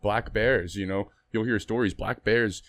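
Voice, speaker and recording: A man with a slightly low voice joining a casual podcast conversation. He speaks bluntly and swears heavily as he chimes in. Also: fairly even intonation, unhurried.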